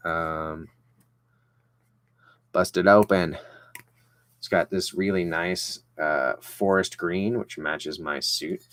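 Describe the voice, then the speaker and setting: A man's voice: low-pitched, slow, long pauses, fairly bright tone, no room sound. A young man chatting casually as he unboxes and tastes a whisky, rambling with lots of fillers and restarts. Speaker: vlogger reviewing whisky.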